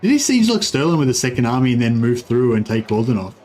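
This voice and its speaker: A man's voice: mid-range voice, big pitch swings, fast, a little mellow. A man streaming a strategy game, thinking aloud in hesitant, casual commentary and swearing now and then. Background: faint game music.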